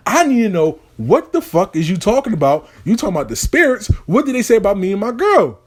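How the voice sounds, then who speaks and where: A man doing a shrill, frantic young guy. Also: sing-song. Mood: demanding. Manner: shrill, rapid outraged questioning.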